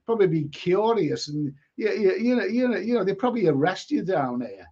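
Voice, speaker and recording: An older man with a Liverpool accent, his voice sitting fairly high, hosts a live stream and reads out viewer comments. He rambles, repeats words and swears in a blunt, casual way. The sound is dull and lo-fi. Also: animated, brisk, warm tone, breathy edge. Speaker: live stream host reading chat. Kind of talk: casual chat.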